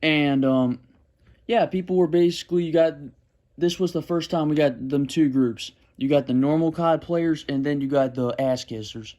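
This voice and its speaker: A man's voice: fairly high pitch, moderate pace, a little mellow. A young man ranting about a video game series, rambling with restarts and frustrated sarcasm. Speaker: gaming commentary youtuber. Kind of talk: unscripted gaming rant.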